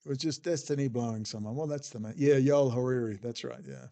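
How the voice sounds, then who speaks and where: A man's voice: medium pitch, a little fast, creaky, mellow. A man with an Australian accent delivering a profane, sarcastic, exasperated monologue as a political commentator. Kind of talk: ranting monologue. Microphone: desk setup with bookshelf behind.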